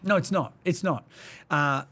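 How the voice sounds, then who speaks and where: A passionate, emphatic man co-hosting a casual podcast discussion. His voice sits high for a man. He leans hard into whatever point he is making. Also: unhurried, sharp tone. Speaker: podcast co-host.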